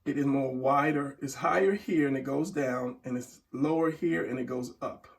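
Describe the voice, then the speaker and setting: A man's voice: mid-range voice, moderate pace, creaky, far from the mic, a little hiss or hum. A middle-aged man teaching a casual drawing tutorial, talking while he draws and trailing off into murmurs. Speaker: drawing instructor.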